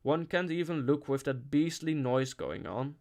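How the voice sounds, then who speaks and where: A man's voice: a little high, normal speed, a little mellow, natural voice. A man voicing a brooding, discontented young man who speaks earnestly and insistently.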